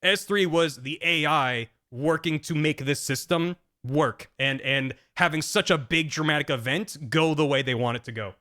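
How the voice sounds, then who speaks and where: Bright-voiced rambling streamer man. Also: fairly high pitch, normal speed, hardly any pauses. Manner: rambling and jokey, with frequent restarts and laughs; animated storytelling. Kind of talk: casual plot recap on a live stream.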